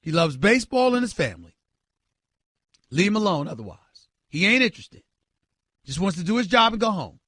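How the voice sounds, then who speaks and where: A man hosting a sports talk show, ranting loudly and emphatically with incredulous exclamations and direct calls to his listeners. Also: high voice, big pitch swings, a little fast, pauses often, no room sound. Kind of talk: sports radio rant.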